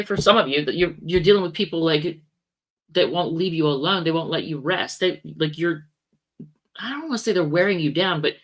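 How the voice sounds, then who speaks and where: With a lowish, slightly bright voice, this woman rambles through a casual tarot reading. She keeps correcting herself and slipping in chatty asides.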